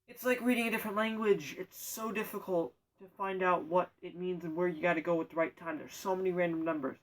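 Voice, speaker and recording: Rambling deadpan man, away from the mic. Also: sits high, fast, recorded from a distance, poor audio. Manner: deadpan, self-correcting, absurd asides. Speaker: storyteller. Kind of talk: rambling comic monologue.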